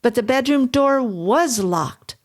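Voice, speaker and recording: Woman voicing an angry husband shouting demands. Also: high-pitched, expressive, slow, pitched above the performer's own voice. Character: frightened, furious young husband.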